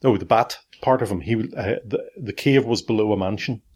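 A man's voice: on the low side, moderate pace, darkish tone, husky. A middle-aged man hosting a casual family podcast, rambling, correcting himself and joking as he goes. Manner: rambling, self-correcting, playful. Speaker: podcast host.

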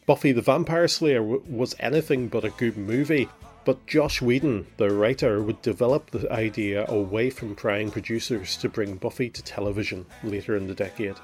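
A middle-aged man from Northern Ireland hosting his own show, reading a scripted personal account in a measured, reflective way. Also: on the low side, husky, soft background music. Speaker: podcast host.

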